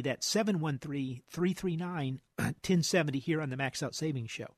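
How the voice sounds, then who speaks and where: A man hosting a financial radio show, losing his voice, talking fast about markets with many restarts and repeated words. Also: fairly high pitch, no room sound.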